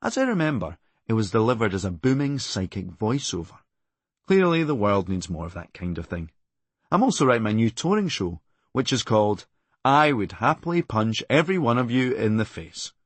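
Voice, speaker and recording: A Scottish man reading his own comic memoir in a deadpan, darkly funny delivery. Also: on the low side, normal speed, no room sound. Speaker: comedian narrating his memoir.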